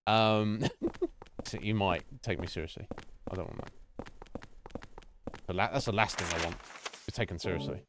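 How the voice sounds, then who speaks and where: A man's voice: deep voice, normal speed, long pauses, music in the background. A man streaming a horror game, chatting casually, rambling and swearing often as he laughs at himself. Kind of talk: casual live gameplay chat.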